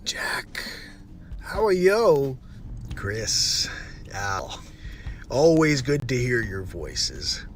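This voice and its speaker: Man doing a halting, deadpan older actor. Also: medium pitch, a little hiss or hum, pitched below the performer's own voice, exaggerated voice. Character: impression of an odd-paced older male actor. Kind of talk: comedy impression in a face-swap clip.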